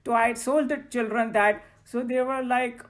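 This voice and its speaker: A woman's voice: fairly high pitch, fairly even intonation, moderate pace. A woman with an Indian accent teaching a scripture class in a chatty, loose way, telling personal stories. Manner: chatty, loose phrasing, slips into Hindi.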